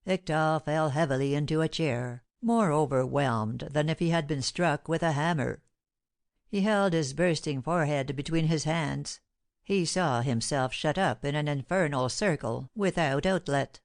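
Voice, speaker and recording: Reading a classic novel aloud for an audiobook, a woman narrates from a script in a notably low voice. Her delivery stays measured and steady the whole way through. The recording is studio quality, with no room sound.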